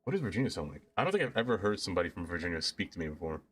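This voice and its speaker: A man's voice: low-pitched, big pitch swings, very fast, a bit bright, soft background music. A man live-streaming a city-building game, chatting casually with his viewers and laughing often.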